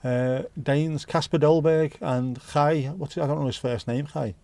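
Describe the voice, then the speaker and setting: This Liverpool-accented man hosts a livestream, casually joking with viewers and reading their comments while swearing freely and rambling. His voice is a little high and dark, with vocal fry, fairly even intonation, and a moderate pace, recorded with no room sound.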